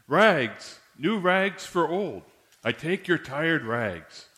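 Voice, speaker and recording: Man reading as a gentle, strong young rag-man peddler calling his wares; street cry, lightly lifted. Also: on the high side, very animated, extremely slow, big-room sound, heavily acted. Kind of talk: story read aloud at a church service.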